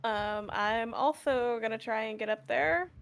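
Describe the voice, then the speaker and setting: A woman's voice: a little high, a little slow, gravelly, fairly bright tone, soft background music. A woman playing in a tabletop game who talks carefully and explains her reasoning about the rules. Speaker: player. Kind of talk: casual tabletop game play.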